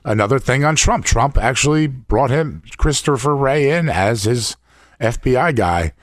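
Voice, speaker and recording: A man co-hosting a casual political talk show, speaking at an ordinary middle pitch. He delivers blunt, indignant opinions in plain words. The sound is close and dry. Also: lively intonation, a little slow, no room sound.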